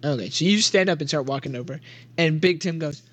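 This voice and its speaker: Brisk and slightly high, with a bit of brightness and no room sound, this young man's voice carries his narration as a tabletop RPG game master. He's giggly and rambles, leaning on fillers such as "like" a lot.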